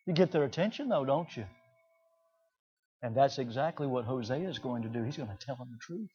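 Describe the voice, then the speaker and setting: A man preaching a sermon in an animated way, often mimicking the people he talks about. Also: mid-range voice, fairly quick, highs cut off. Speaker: pastor.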